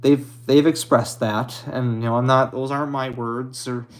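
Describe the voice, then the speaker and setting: A man streaming and answering viewer comments in a halting, hesitant way, apologetic and a little anxious. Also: mid-range voice, steady tone. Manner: halting, hesitant, with many restarts; apologetic and modest. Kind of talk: casual live chat.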